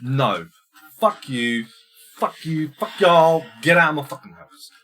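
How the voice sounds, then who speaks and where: A man putting on an angry husband who shouts and swears at his wife in a mocking podcast retelling. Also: mid-range voice, animated, normal speed, faint music behind, pitched above the performer's own voice. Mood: indignant.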